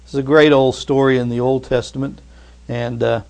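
Male pastor, sermon, casual storytelling, mid-pitched voice, sudden loud emphatic peaks. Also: little pitch movement, fairly quick, gravelly. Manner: conversational preaching that rises to emphatic bursts.

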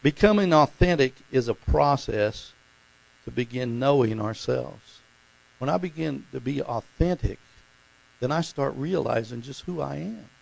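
A man's voice: mid-range voice, unhurried, gravelly, darkish tone, rough recording. A man preaching a conversational sermon as pastor, talking informally and putting questions to his congregation.

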